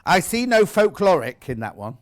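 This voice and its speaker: A man's voice: high-pitched, very animated, moderate pace. Gushing British man presenting a sales show. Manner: gushing, chatty, exclaiming over fabrics. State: out of breath. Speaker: shopping channel presenter. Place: TV studio.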